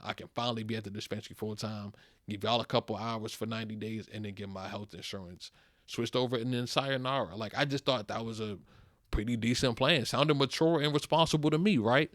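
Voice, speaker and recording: A young man hosting a podcast, telling a story in a casual monologue, venting and animated, with heavy slang and swearing, sounding worn out. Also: fairly low pitch, fairly quick, dry recording, studio quality. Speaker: podcast host.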